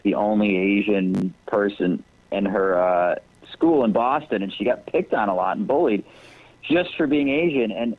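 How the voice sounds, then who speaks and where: A man's voice: on the low side, no echo. A man from Detroit, a TV writer guesting on a podcast, talking casually in a rambling, reflective way with frequent restarts. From Detroit, USA. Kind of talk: casual interview chat. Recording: tinny phone-like line, dry.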